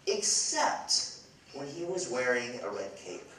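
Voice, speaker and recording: A man's voice: mid-range voice, sing-song, slow pace, a bit bright, a little hiss or hum. A man in his thirties from Chicago, a speaker giving a humorous, self-mocking storytelling talk with playful asides to the audience. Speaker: event speaker. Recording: echoey hall, far from the mic.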